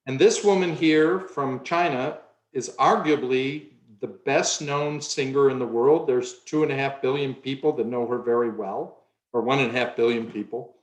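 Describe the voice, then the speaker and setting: A man's voice: medium pitch, moderate pace, roomy sound. A man giving a conference lecture on the voice, now and then changing his own voice to show a point.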